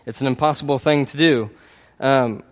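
A man of medium pitch preaches at a moderate pace. His tone is earnest and conversational, and he keeps checking in with the congregation through "right?" tags and restarts.

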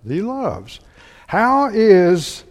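A man preaching a sermon, halting and repeating words often, asking his listeners questions. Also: high voice, big pitch swings. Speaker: preacher or Bible teacher. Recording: long hall reverb.

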